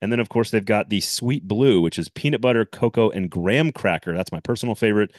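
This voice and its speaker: Lively lower-voiced male podcast host. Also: quick pace, dry recording, clean studio sound. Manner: animated, laughs often, rambling restarts. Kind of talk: casual sports podcast chat with ad read.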